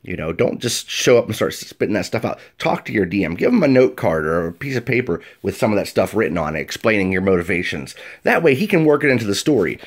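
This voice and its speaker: A man, a game master, hosting a casual tutorial and explaining tabletop role-play in a chatty way. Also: low voice. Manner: chatty and explanatory, with frequent fillers. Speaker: game master and video host.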